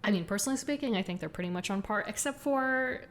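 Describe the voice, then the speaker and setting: A woman co-hosting a podcast in casual chat, chatty and quick to laugh as she runs through details. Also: medium pitch, expressive. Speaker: podcast co-host.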